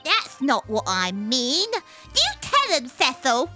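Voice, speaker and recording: A bossy little girl squeaks out her claims in a very high, bouncing voice, as a woman puts her on. Her tone is bright and pushy, with faint game music beneath. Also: wildly swooping pitch, slow pace, full character voice. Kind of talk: reading game dialogue aloud.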